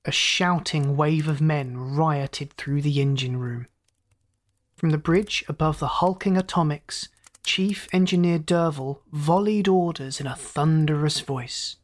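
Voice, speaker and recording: A host narrating an old science fiction story as a calm, inviting storyteller, in a scripted audiobook reading. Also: medium pitch, a little slow.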